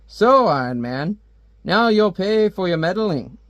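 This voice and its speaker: Gloating comic-book supervillain, theatrical monologuer, high pitched, read by a man. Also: sing-song, a little slow, no echo, muffled recording. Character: gloating male supervillain scientist, scheming father.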